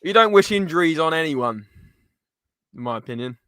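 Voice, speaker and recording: A man's voice: a little high, animated, normal speed, a bit bright, clear, resonant tone, no room sound, clean studio sound. A man co-hosting a live match watchalong, chatty and arguing his points while reading out the chat. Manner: chatty, reasoning, reads out the chat. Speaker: watchalong co-host.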